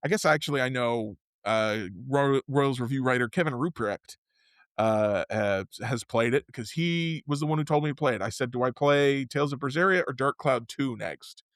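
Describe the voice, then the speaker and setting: A man co-hosting a podcast, chatting casually and excitably, often restarting and interrupting himself. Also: medium pitch, moderate pace, no room sound, studio quality. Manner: rambling, self-interrupting, excitable. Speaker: podcast co-host. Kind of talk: casual chat.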